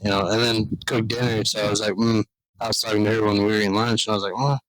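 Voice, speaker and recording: A man hosting a podcast outdoors, chatting casually and planning things out loud with filler words. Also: on the low side, little pitch movement, quick pace, dry recording, rough recording. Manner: laid-back, plans aloud with filler words. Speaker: podcast host. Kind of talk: casual chat.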